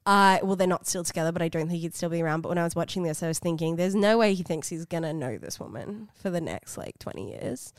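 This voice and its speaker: A woman's voice: fairly low pitch, expressive, fast, few pauses, no echo. Chatty young woman, dry sound. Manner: chatty, laughs often, playful. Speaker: podcast co-host. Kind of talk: casual chat.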